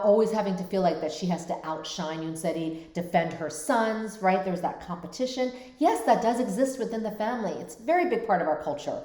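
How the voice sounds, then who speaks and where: A woman's voice: medium pitch, dark tone, reverberant. A woman hosting a show that looks at TV dramas through mental health, talking in a reflective way and often checking in with "right?". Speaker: host.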